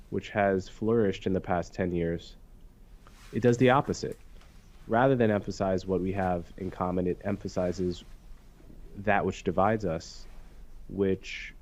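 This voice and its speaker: A young man, an author and interview guest, talks in a thoughtful, measured way and often restarts phrases while he reasons. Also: fairly low pitch, a little mellow. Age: young adult. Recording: dull lo-fi sound.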